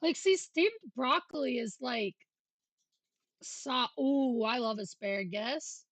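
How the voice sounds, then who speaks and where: A woman's voice: on the high side, animated, slow pace, dry recording. A woman livestreamer chatting casually and joking with profanity as she reacts to videos. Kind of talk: casual stream chat.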